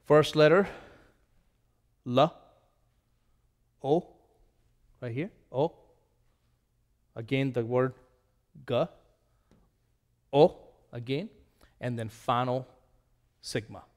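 Slow, patient male teacher in a reverberant room. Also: medium pitch. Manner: slow, patient, repeats words for drilling. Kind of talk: classroom lesson at a whiteboard.

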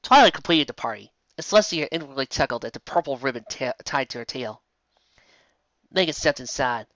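Woman, storybook narrator, low voice, very animated, dry, lo-fi. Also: fairly quick, no room sound. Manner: lively reading with casual asides. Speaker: fan fiction reader. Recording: dull lo-fi dry home recording.

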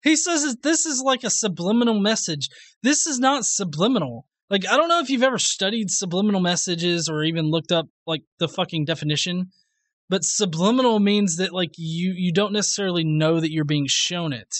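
A man's voice: sits high, a little fast, a bit bright, no echo. A man hosting a reaction commentary video, sarcastic and profane, laughing often at what he responds to.

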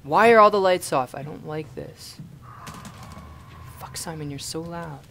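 A man's voice: fairly high pitch, unhurried, vocal fry, bright, forceful tone, slight background noise. A young man from Canada playing a horror game and commenting in a panicky, swearing way, often repeating himself in frantic bursts. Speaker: gaming YouTuber.

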